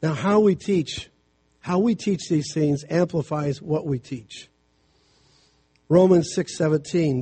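A middle-aged family counselor preaches a sermon conversationally, blending scripture with homely stories and quick asides. His voice is a little high, mellow, and breathy-edged.

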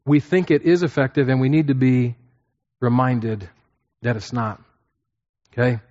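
A pastor teaches a class from scripture in sermon-style Bible teaching, often repeating his points and checking in with his listeners. His medium-pitched voice is steady in tone, a little mellow, and measured in pace. The recording is dull and lo-fi.

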